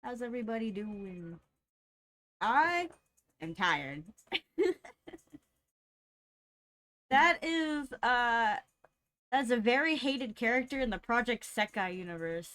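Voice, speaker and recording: Woman streamer, high and lively voice, casual and giggly, greets chat one by one. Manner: bubbly, laughs often, greets chat by name.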